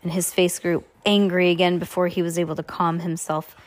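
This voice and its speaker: A woman reading a novel aloud in a plain, steady storytelling manner with small slips. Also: on the low side, fairly quick. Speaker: audiobook reader.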